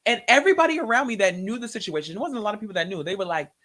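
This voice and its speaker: A woman telling an emotional personal testimony in a conversation, animated and acting out the words in quotes. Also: mid-range voice, very fast. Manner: animated, acts out her own and others' words in quotes. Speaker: guest sharing a testimony.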